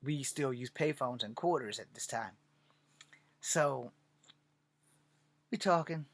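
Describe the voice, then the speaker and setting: A man's voice: medium pitch, slow, no room sound. A man from Virginia telling a long personal story in a casual monologue, swearing often and acting out other people's lines. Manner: profane, animated, acts out quoted dialogue. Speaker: aspiring filmmaker telling his story.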